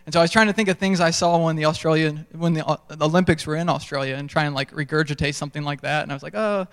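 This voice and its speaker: A man's voice: on the high side, fairly even intonation, very fast, fairly bright tone, clear, resonant tone. A young man preaching a sermon, telling self-deprecating stories in a conversational way. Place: large church stage. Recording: sermon in a reverberant hall.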